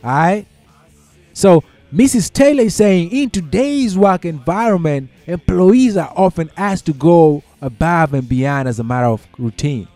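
A man's voice: on the high side, lively intonation, a little slow, dark tone, no echo, soft background music. A man talking casually through workplace advice, repeating his points and checking in with the listener, saying y'all and folks. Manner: conversational, uses y'all and folks. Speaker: commentator.

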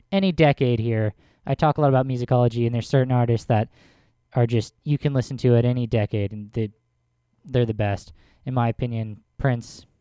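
Mellow, smooth-voiced male radio DJ. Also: mid-range voice, no room sound, clean studio sound. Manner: relaxed, rambling, trips over words. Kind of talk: casual radio music show hosting. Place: radio studio.

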